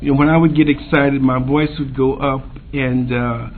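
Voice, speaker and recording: A man sharing his recovery story at a convention, halting with pauses and fillers. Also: mid-range voice, fairly even intonation. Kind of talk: personal recovery share. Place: convention meeting room. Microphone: podium microphone. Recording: tinny lo-fi tape with faint hiss.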